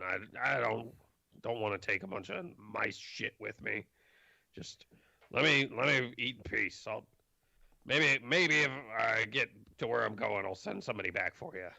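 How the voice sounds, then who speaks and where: A man playing a gruff, grumpy half-giant who grumbles rudely with halting pauses. The voice has a low gravelly fry and sounds dry and slightly dull. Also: sharp tone, no room sound, exaggerated voice. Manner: grumbling, rude, hesitant.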